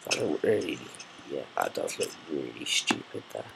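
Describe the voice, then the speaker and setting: A man's voice: very deep voice, sing-song, moderate pace, vocal fry, background noise. A man casually commenting on his own gameplay, muttering, swearing and thinking aloud while he builds. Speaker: gameplay video maker.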